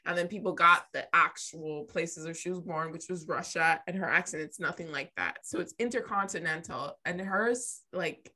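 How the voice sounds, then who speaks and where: A woman's voice: lowish voice, normal speed, few pauses, sharp tone. A woman co-hosting a podcast, talking bluntly in casual chat and swearing freely. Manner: blunt, swears, talks in long stretches. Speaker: podcast co-host.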